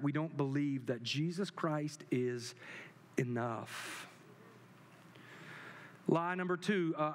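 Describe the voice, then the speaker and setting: A man's voice: on the high side, a bit bright. A man preaching a sermon as pastor, building emphasis through repeated phrases. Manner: preaching with rising emphatic repetition. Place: large church hall. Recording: long hall reverb.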